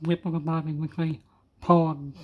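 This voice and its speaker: A man's voice: a little high, flat delivery, normal speed, phone-quality sound. A man from Australia with an Australian accent, giving casual reaction commentary in a laid-back, blunt way. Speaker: reaction video host.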